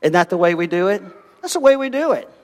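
A man preaching a sermon, telling a parable with lively, animated storytelling and acting out the voices of its characters. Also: high-pitched, fast, big-room sound. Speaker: pastor.

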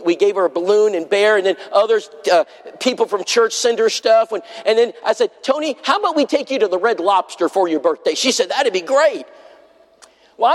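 A man preaching a sermon, pleading with the congregation and telling a story full of quoted dialogue. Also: high voice. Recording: long hall reverb.

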